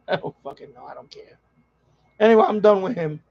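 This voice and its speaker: New York streamer guy, high gravelly voice, profane rambling rant, dull lo-fi sound. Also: animated, normal speed, pauses often. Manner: ranting, profane, rambling with repeats. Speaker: live stream host. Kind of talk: casual live-stream chat. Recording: slightly dull lo-fi audio.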